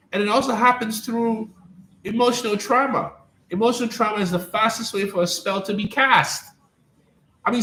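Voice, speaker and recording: Emphatic high-voiced man in an echoey room. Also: fairly bright tone. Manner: repetitive, emphatic, preacher-like, addresses viewers by name. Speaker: life coach hosting a live stream. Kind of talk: live-streamed spiritual talk.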